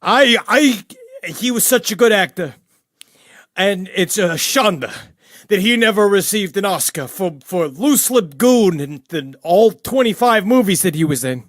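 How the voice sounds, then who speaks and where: A man's voice: high voice, animated, measured pace, a bit bright, no echo, clean studio sound, full character voice. A man playing a rambling, pious, petty jailed older killer in a comedic character monologue, full of gossip and sudden outbursts.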